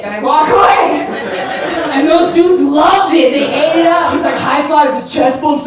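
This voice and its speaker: A woman's voice: sits high, expressive, brisk, a crowd in the background. Brash profane woman doing stand-up. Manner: brash, profane, laughs at own jokes. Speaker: stand-up comic. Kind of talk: stand-up comedy set. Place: house show in a room. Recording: echoey room, distant mic, noisy.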